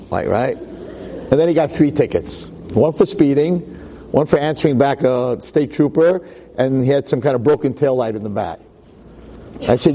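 A man's voice: medium pitch, fairly quick, a little hiss or hum, rough recording. A middle-aged man, a rabbi telling stories in a Torah talk to a class of girls, acting out the voices. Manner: animated, acts out voices in stories.

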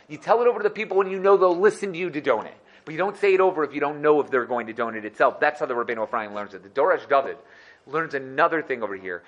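A man teaching a Torah class, telling a story in a lively way and repeating phrases for emphasis. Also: mid-range voice.

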